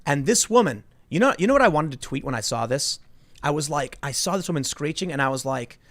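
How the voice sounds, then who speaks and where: A man hosting a political talk show, animated and chatty, acting out quotes in mocking voices. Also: a little high, a little fast. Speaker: podcast host.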